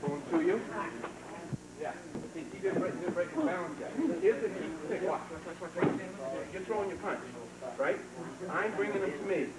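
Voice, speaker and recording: High-voiced man teaching karate in echoey hall. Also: normal speed, long pauses, a loud crowd. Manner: casual, demonstrative, chuckling, coaching with short praise. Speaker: karate instructor. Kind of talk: hands-on martial arts seminar teaching. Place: training hall. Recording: echoey hall, distant mic, noisy 1990s video.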